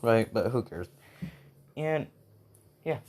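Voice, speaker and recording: A man's voice: medium pitch, lively intonation, slow pace, darkish tone, slight background noise. A man at home casually retelling a fan story, rambling with fillers and asking "right?" along the way. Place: at home with his dog.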